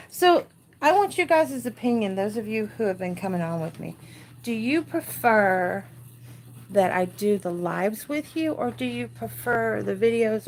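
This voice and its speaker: A woman's voice: medium pitch, a little mellow, slight background noise. Chatty American woman streaming live from home. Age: 40s. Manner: chatty, easily distracted, laughs often. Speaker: crafting livestream host. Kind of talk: casual live chat. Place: dark room at home.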